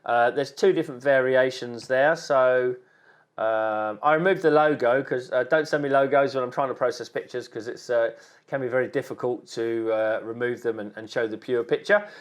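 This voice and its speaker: A man's voice: medium pitch, moderate pace. A man, a wildlife photographer giving chatty, encouraging critiques of viewers' photos with many ums and repeated words. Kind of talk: casual on-screen photo critique.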